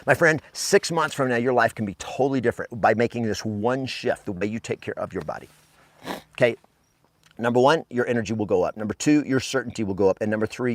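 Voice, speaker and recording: A man's voice: fairly low pitch, no echo. A man giving a blunt, emphatic motivational talk as a real estate coach, swearing freely.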